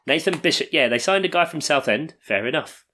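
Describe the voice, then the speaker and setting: A man's voice: a little high, expressive, a little fast, bright, forceful tone, slight background noise. Jokey man co-hosting a podcast. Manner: jokey, riffing on numbers. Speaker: podcast co-host. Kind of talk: casual chat.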